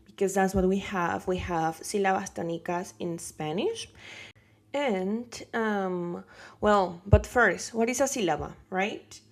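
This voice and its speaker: A woman teaching a beginner language lesson, patient and explanatory, checking in with "right?" and pausing on fillers. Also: medium pitch. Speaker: Spanish teacher.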